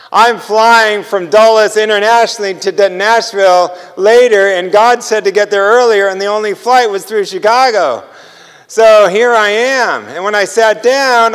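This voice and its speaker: A man preaching, telling a personal travel story with lively acted-out dialogue and laughter. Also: sits high, clean tone, in a large hall. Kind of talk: sermon storytelling.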